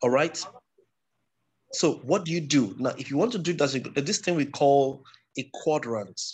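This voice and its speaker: A man's voice: mid-range voice, a little slow, a little mellow, breathy edge. A man teaching public speaking in an online class, explaining step by step and repeating himself with frequent restarts.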